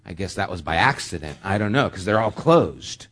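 A man's voice: low-pitched, very animated, moderate pace, fairly bright tone. A man preaching a sermon as pastor, talking in a conversational way with joking asides.

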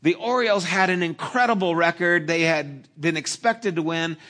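A male pastor delivering a sermon, telling a childhood story in an animated, humorous way with asides to the congregation. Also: fairly high pitch, moderate pace.

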